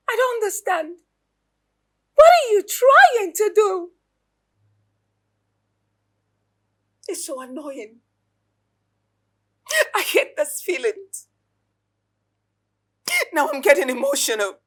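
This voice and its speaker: A Nigerian woman playing a jealous, dramatic girlfriend in a Nollywood film, loud and mocking. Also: sits high, very animated, takes it slowly, long pauses, exaggerated voice. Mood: hysterical. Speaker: actress.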